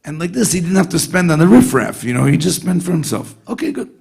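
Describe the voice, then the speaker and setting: At a Hasidic gathering, a rabbi with a fairly high, husky, gravelly voice tells a lively tale at a fast clip. Talking like a friend across the table, he sprinkles in Yiddish and Hebrew words and often asks, "you know what I mean?"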